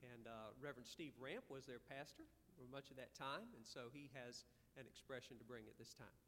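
A man's voice: medium pitch, brisk, fairly bright tone. A man officiating a funeral, plainly introducing the next speakers with a few fillers. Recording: long hall reverb with faint room noise.

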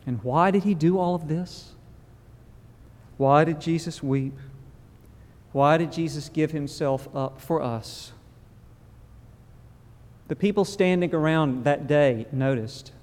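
A man preaching a funeral sermon in a church, solemn and measured, with slow pauses. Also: a little high, a little mellow. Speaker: pastor. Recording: long reverb of a large hall.

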